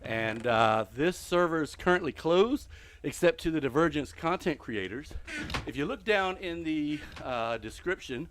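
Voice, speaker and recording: A middle-aged man streaming a building game live while walking on a treadmill, out of breath, muttering counts to himself between loud chatty asides to his viewers. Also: fairly high pitch, expressive, unhurried, a little hiss or hum. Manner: mutters block counts under his breath, then chats loudly to viewers. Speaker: gaming streamer.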